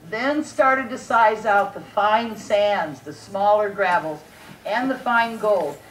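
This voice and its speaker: A woman's voice: mid-range voice, takes it slowly. A woman docent giving a folksy, homespun tour presentation on a mining dredge. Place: outdoors on a dredge barge. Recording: roomy distant sound with faint noise.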